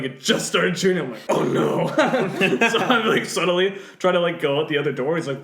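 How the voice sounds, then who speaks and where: A man's voice: fairly high pitch, lively intonation, fairly quick, hardly any pauses, a bit bright. A young man co-hosting a casual podcast chat, laughing his way through a childhood story. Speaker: podcast co-host. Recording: echoey room.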